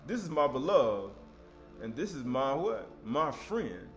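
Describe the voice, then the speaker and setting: A man's voice: mid-range voice, big pitch swings, unhurried, faint music behind. A man preaching an informal sermon, reading scripture and breaking into conversational asides and rhetorical questions.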